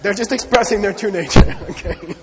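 A man teaching a lecture on Buddhist ideas, talking in an animated, conversational way and checking in often with "okay?" and "you know.". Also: high-pitched, fairly quick, very noisy. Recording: long hall reverb.

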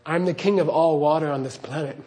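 A man's voice: on the high side, a little fast, mellow, natural voice. A man voicing a boastful male frog who thinks he is king of all water, proud and bragging.

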